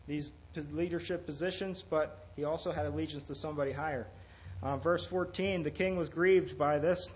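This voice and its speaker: A man preaching an informal sermon, halting often with fillers and restarts. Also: on the high side. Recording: dull lo-fi recording with faint noise.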